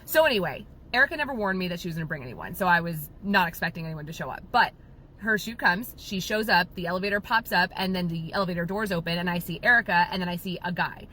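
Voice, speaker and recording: Woman, studio owner, casual storytelling, rambling, bright sharp tone. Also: lowish voice, animated, a little hiss or hum. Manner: fast, rambling, filled with "like".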